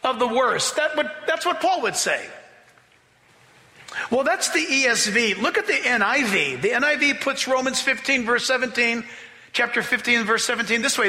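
High, bright-voiced preaching man. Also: expressive, normal speed. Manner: emphatic, exhorting, with humorous asides. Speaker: pastor. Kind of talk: sermon. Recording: long hall reverb.

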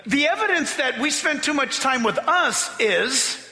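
A man's voice: very high voice, expressive, unhurried, sharp tone, in a large hall. A male pastor preaching an emphatic sermon and reading scripture aloud. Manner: emphatic preaching, spells out key words, acts out quoted voices.

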